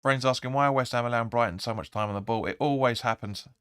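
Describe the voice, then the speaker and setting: A man hosting a live football watch-along, rambling through the play and sometimes shouting at the players. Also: mid-range voice, fast talker, smooth, no room sound, studio quality. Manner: rambling, restarts often, erupts when urging players. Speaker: fan channel host.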